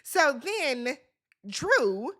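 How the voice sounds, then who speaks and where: A woman's voice: high voice, sing-song, drawn-out words, bright, forceful tone. A woman hosting a casual recap of a reality TV show, blunt, sassy and profane as she scolds the cast directly. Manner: talks straight at the viewers and the cast, scolding them. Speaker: TV recap host.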